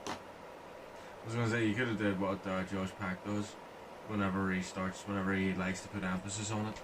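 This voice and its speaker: A man's voice: low-pitched, flat delivery, brisk, recorded from a distance, noisy background. A man co-hosting a casual podcast, laid-back and swearing, with dry one-liners. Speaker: podcast co-host.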